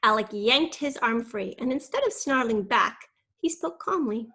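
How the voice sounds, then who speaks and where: A woman reading a children's novel aloud, expressive, voicing the characters' lines. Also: fairly high pitch, normal speed, husky. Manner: expressive, voices quoted lines. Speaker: reader.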